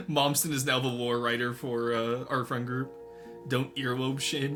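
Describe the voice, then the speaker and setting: A man's voice: medium pitch, normal speed, soft background music. A young man chatting with his stream viewers, laughing often. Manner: animated, laughs often, talks to chat. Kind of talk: casual live-stream chat.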